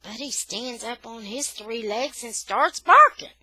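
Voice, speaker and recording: Woman reader, expressive storyteller for a children's novel, bright voice. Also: fairly high pitch, measured pace, dry recording, poor audio. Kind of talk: reading a children's novel aloud.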